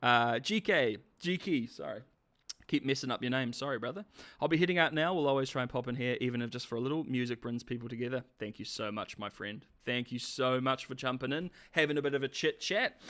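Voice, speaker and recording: A man's voice: medium pitch, fast, a bit bright. A man streaming live, chatting casually with viewers and rambling sarcastically with frequent restarts.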